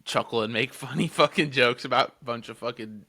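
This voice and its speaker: A man's voice: mid-range voice, brisk, bright, forceful tone. A man in his twenties co-hosting a podcast, telling a story casually, swearing freely, laughing often and leaning on fillers. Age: 20s. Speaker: podcast co-host.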